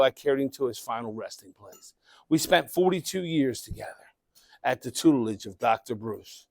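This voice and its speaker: Keynote speaker, middle-aged man, high voice, dry close sound, calls out and shouts to the room. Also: no room sound. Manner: animated, calls out to the crowd, bursts into shouting. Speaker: motivational speaker. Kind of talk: live keynote speech to an audience. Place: conference event room.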